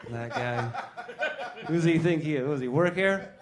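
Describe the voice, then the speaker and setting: A man's voice: a little high, moderate pace. A man doing stand-up comedy, rambling, joking and talking with the crowd.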